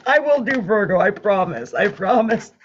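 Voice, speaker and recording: Woman tarot reader, lively swooping voice, chatty, dull lo-fi sound. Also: medium pitch, measured pace, slight background noise. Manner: chatty, animated, laughs often, hums while drawing cards. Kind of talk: live-stream card reading.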